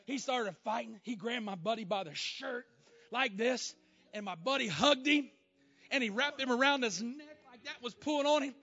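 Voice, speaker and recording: A man preaching a sermon as a story, moving between loud exclamations and hushed, emotional lines. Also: moderate pace. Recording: muffled low-fi sound with faint music.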